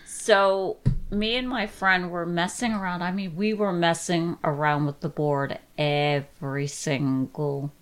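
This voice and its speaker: A middle-aged woman talks as a podcast guest, unhurried and a little low in pitch. She tells her stories casually, growing animated as she retells them. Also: smooth. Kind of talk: casual storytelling.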